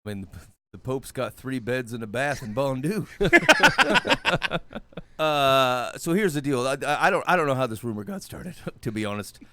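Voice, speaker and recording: A man co-hosting a podcast, talking in a wry, deadpan, halting way in casual comedic chat. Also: medium pitch. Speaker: podcast co-host.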